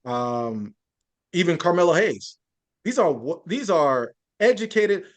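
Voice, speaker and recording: A man's voice: a little high, very animated, slow. A man speaking as a journalist guest in a podcast interview, earnest and building his points through lists and frequent restarts.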